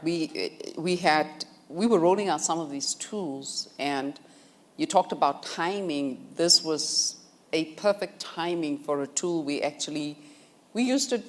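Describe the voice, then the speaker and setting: Low-pitched businesswoman guest, composed and measured. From South Africa. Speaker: guest executive. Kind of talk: conversational interview.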